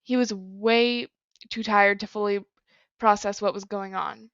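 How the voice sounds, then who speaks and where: A woman reading a story aloud in a plain, even manner with small slips. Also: mid-range voice, unhurried, no room sound, highs cut off. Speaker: story reader. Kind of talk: reading fan fiction aloud.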